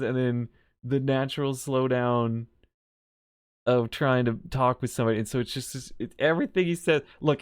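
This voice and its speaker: A man giving casual, rambling commentary on a game's story, talking quickly and restarting his sentences. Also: medium pitch, darkish tone, no room sound, studio quality. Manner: rambling, quick, with many restarts and self-corrections. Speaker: streamer.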